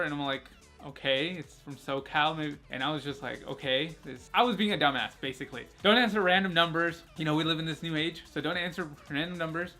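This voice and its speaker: Brief: young male vlogger, slightly high voice, rambling and candid, faint music underneath. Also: sharp tone. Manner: rambling, filler-heavy, candid and self-mocking. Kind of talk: casual storytelling to camera.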